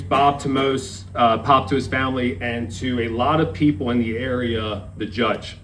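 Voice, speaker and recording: A man's voice: mid-range voice, fairly even intonation, normal speed, hardly any pauses, a bit bright, a little hiss or hum, low-quality recording. Man in his thirties telling a memorial story. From Maryland, USA. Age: 30s. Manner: storytelling, acts out quoted dialogue. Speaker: grandson giving a eulogy. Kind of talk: memorial speech. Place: memorial service.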